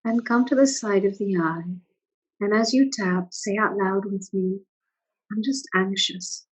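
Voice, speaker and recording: A woman coaching a guided tapping session over a video call, soothing and full of praise as she gives calm step-by-step prompts. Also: medium pitch, unhurried, slightly rough, low-quality recording.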